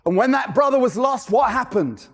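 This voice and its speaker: A man preaching a sermon, animated, firing off rhetorical questions and acting out characters. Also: extremely high pitch, normal speed.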